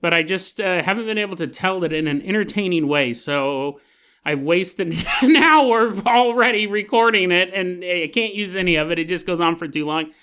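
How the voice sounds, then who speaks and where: A man's voice: sits high, normal speed, pushed and bright, smooth. A man hosting a podcast, telling a comic story in a playful, giggly, jokey way. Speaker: podcast host.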